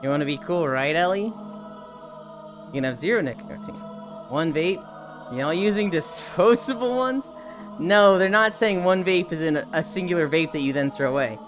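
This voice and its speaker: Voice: mid-range voice, normal speed, music in the background. A live streamer chatting casually with viewers, laughing often and reading chat messages aloud.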